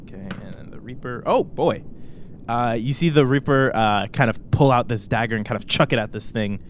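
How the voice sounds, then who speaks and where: A man's voice: mid-range voice, fairly quick, slight background noise. A man narrating as game master in a tabletop game, with a hesitant manner full of fillers and hedges.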